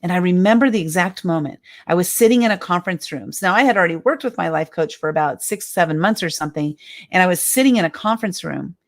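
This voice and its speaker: A woman's voice: lowish voice, expressive, fast. A woman in her fifties giving an emphatic, heartfelt motivational talk as a speaker and coach, often repeating her phrases. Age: 50s.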